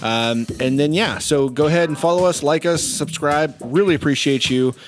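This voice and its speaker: Chatty podcast host, slightly high. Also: male voice, normal speed, soft background music. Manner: rambling, filler-heavy sign-off. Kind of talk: casual podcast chat.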